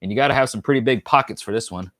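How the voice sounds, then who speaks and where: A man's voice: mid-range voice, rapid-fire, fairly bright tone, no room sound. A man from New York hosting a casual live stream, joking and rambling as he reads viewer comments aloud.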